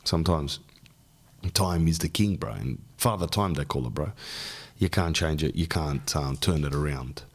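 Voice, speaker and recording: A man with a notably low voice hosts a podcast, speaking into a microphone. He hands out advice in a loose, rambling way, full of slang and repeated "bro"s. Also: normal speed, breathy edge. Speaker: podcast host. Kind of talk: casual advice chat.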